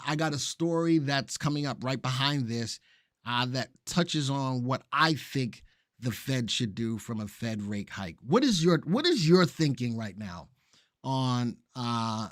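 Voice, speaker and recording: A man's voice: medium pitch, no room sound, studio quality. A man co-hosting a live market show, chatting casually and reading viewer comments aloud. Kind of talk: casual live-stream chat.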